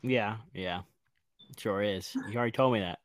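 A man co-hosting a podcast, recapping a show in casual chat and joking with animated storytelling. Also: on the low side, moderate pace, dry recording, studio quality. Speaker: podcast co-host.

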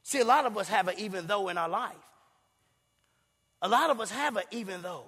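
A man preaching a sermon in a church, impassioned and sing-song, rising to shouts. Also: sits high, animated, brisk, slightly rough. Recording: reverberant hall.

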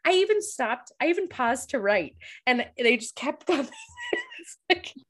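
A woman's voice: high voice, wildly swooping pitch, unhurried, a bit bright. Tearful chatty woman podcaster. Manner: emotional, tearful, laughing through sobs. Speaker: podcast co-host. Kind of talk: casual recap chat. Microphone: studio microphone.

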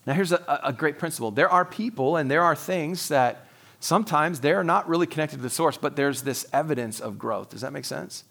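A man with a fairly high voice delivers a Sunday sermon as the pastor, chatting with the congregation more than lecturing. He drops into short acted-out exchanges and chuckles along the way, keeping it loose and personal. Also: fairly quick, creaky, fairly bright tone. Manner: conversational preaching, acts out dialogue with God, laughs often.

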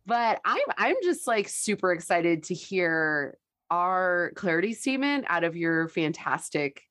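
An excitable woman co-hosts a podcast, rambling cheerfully with fillers. Her voice sits low but leaps around with lively swings in pitch. The sound is dry and close to the mic. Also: unhurried, dry recording. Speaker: podcast co-host. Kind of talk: casual podcast banter.

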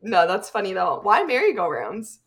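A woman co-hosting a podcast in casual chat, playful, animated and quick to laugh. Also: medium pitch. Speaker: podcast co-host.

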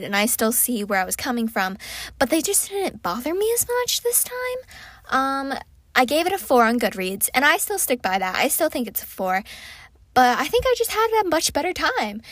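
A woman's voice: a little high, fairly bright tone, dry recording. A young woman casually chatting as she reviews books, rambling with lots of fillers. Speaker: book reviewer. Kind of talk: casual chat.

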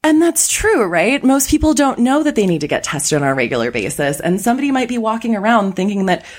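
A woman's voice: on the high side, sing-song, fast. A woman guest on a podcast, talking in a blunt, passionate way and swearing freely. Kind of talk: casual chat.

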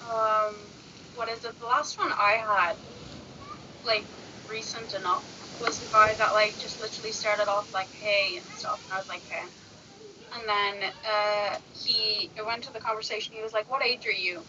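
A woman's voice: mid-range voice, normal speed. A woman chatting casually, telling sarcastic stories and acting out both sides of each exchange. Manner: animated, sarcastic storyteller who acts out exchanges. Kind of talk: casual chat. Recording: muffled recording with faint noise.

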